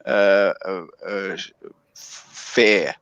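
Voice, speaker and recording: Rambling Australian man, low voice. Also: fairly even intonation, fairly bright tone, clear, resonant tone, no room sound. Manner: rambling, drawn-out storytelling with many fillers. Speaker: guest on a chat stream. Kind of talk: casual chat. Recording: dull lo-fi online call audio.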